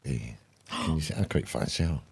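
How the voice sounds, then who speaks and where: A man's voice: extremely low pitch, a little fast, vocal fry, breathy edge. An older man, co-hosting a casual comedy chat with bawdy, jokey banter. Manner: bawdy, jokey banter with put-on quoted voices. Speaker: co-host.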